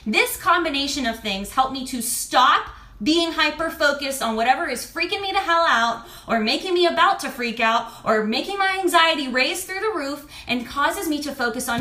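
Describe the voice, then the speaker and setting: A woman in her thirties talks candidly and expressively to camera as a fertility coach, swearing a little as she goes. Her voice sits high and sounds bright and clear. The room around her rings with echo. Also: lively intonation, moderate pace. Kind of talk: casual talk to camera.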